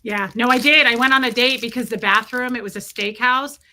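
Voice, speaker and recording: A woman in her thirties chatting casually as a vlogger, self-mocking and prone to loud dramatic outbursts. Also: a little high, steady tone, a little fast, a little hiss or hum. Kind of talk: casual chat.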